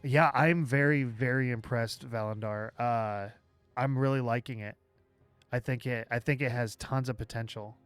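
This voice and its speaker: A man hosting a livestream, walking through software live while thinking aloud, with halting restarts, and chatting with viewers as he works. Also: mid-range voice, steady tone, clear, resonant tone, dry recording, faint music behind. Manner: chats with viewers while working. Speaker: livestream host.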